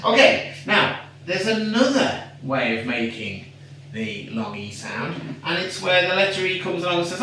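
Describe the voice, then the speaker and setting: A teacher giving a patient phonics lesson to a young child, sounding out words slowly and praising often. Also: mid-range voice, big pitch swings, bright, forceful tone, distant mic. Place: home room. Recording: echoey room, away from the mic, faint noise.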